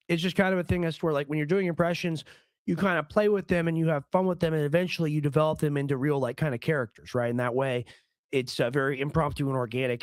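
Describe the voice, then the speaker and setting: A man hosting a casual political commentary stream, joking and rambling, his voice a little hoarse. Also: a little high, no echo. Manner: joking, rambling, does comic impressions. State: slightly hoarse. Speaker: stream host.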